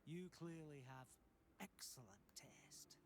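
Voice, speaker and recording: A man's voice: a little high, takes it slowly, crowd noise. An actor voicing a proud, refined male alchemy merchant in a video game, posh and self-satisfied. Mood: smug salesman. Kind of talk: video game character dialogue.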